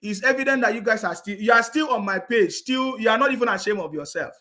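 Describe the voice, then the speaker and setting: Man, very high voice, bright tone, ranting commentator, scornful and insistent. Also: fast talker. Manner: scornful, insistent, with mocking laughs and repeated "are you getting me". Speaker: political commentator.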